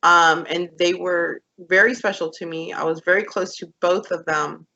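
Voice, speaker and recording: Woman guest on a podcast, bright tense voice, telling her story earnestly, lo-fi sound. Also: lowish voice, fairly even intonation, moderate pace, creaky. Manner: personal, earnest recounting with fillers. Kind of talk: casual storytelling. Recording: dull lo-fi sound.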